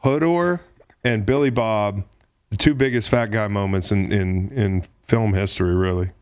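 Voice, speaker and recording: A man with a lowish voice talks casually as a podcast host. He is blunt and joking, and his delivery is laid-back. He drifts into football jargon as he chats. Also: fairly even intonation, normal speed, darkish tone, smooth. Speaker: podcast host, former defensive player. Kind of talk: casual chat.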